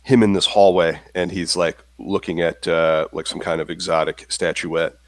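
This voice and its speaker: A man describing his character's actions in a tabletop game, hesitant and full of restarts. His voice is very low. The sound is dry and close. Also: fairly even intonation, moderate pace, no echo. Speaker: player.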